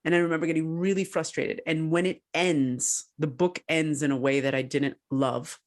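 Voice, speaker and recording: A woman co-hosting a podcast who tells her story in a casual way, animated and laughing often. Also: deep voice, moderate pace. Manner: animated, laughs often, acts out quoted voices. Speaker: podcast co-host and researcher.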